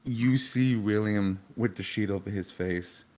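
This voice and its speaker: A man's voice: lowish voice, measured pace, darkish tone. A man narrating as game master in a tabletop game, casual and descriptive.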